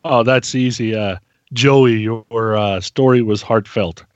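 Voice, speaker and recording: A man's voice: fairly low pitch, fairly even intonation, slow, no echo. A man co-hosting a podcast, explaining a game in a laid-back, casual way. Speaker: podcast co-host running the game. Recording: dull, dry lo-fi sound.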